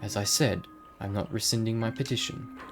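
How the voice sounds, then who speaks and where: A man's voice: on the low side, moderate pace, gravelly, music in the background. A man voicing a prim late-middle-aged woman librarian who speaks sweetly but sharply and calls people dearie, while reading game dialogue aloud. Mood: flustered.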